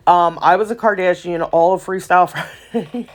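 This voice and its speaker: A woman's voice: lowish voice, moderate pace. A woman hosting a nail art channel, telling stories in a rambling, chatty voiceover, laughing often and calling her viewers y'all. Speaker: nail art YouTuber and host.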